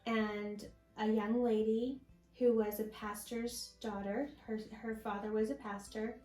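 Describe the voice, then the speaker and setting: A woman guest sharing a personal faith testimony in an interview, telling her story slowly and from the heart. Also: fairly high pitch, level tone, warm tone, echoey room, soft background music, low-quality recording. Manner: slow, heartfelt storytelling with many pauses.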